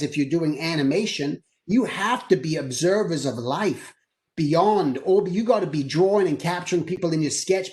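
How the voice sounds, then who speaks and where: A man giving a conversational career talk to students over a video call, energetic and acting out quoted dialogue. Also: a little high. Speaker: guest presenter.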